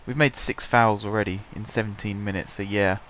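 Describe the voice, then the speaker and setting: Man, stuffy blocked-up voice, fairly low, chatty game commentary, faint room hum behind. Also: steady tone, a little fast, fairly bright tone. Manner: chatty, self-deprecating, clears his throat often. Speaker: gaming commentator. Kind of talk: casual let's-play commentary.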